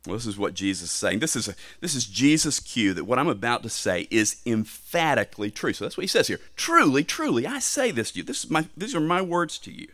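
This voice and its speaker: A man preaching a sermon, emphatic, with swells in pitch and volume on key phrases. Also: sing-song, a little fast, hardly any pauses, a bit bright, dry recording, studio quality.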